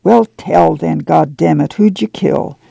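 A man voicing a gruff, blunt farmer father. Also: a little high, measured pace, dark tone, dry recording, full character voice. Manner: blunt, plain country speech. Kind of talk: audiobook reading.

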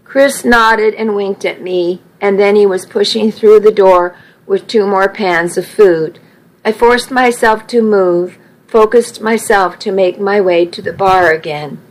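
A woman reads a first-person romance audiobook at an unhurried pace, letting each sentence settle. Her pitch sits in a middle range and her delivery stays measured and even. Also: rough recording. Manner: slow, measured reading. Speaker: audiobook narrator.

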